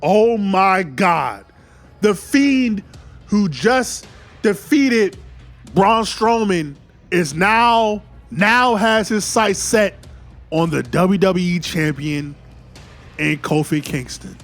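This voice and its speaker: Excitable high-voiced man calling wrestling. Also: extremely slow, soft background music. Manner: excited play-by-play, calling pins and counts. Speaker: YouTube wrestling commentator. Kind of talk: retelling an imagined wrestling match.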